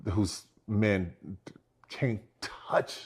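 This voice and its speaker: A man's voice: lowish voice, extremely slow, breathy edge. A man talking emphatically in a casual conversation, acting out other people's words. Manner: emphatic, slips into quoted voices. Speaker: guest in a conversation. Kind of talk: casual chat.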